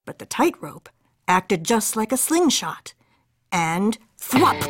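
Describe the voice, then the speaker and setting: A woman's voice: on the high side, very animated, takes it slowly, long pauses, a little hiss or hum. A woman reading a children's picture book aloud in a playful, sing-song way, sprinkling in Spanish words. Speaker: storybook reader.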